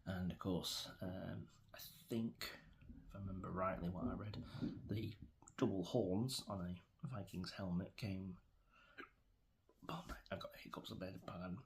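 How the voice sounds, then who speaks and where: A man's voice: low voice, steady tone, normal speed, slight background noise. A middle-aged man with an English accent, rambling through an opinionated vlog rant with many fillers and restarts. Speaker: vlogger.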